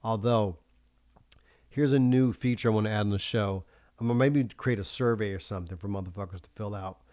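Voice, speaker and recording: A man with a low voice rambles through a profane, loose monologue on his own streamed talk show. He laughs often and drifts between topics. The sound is dry and close. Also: fairly quick, a little mellow, dry recording. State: high. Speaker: livestream talk show host.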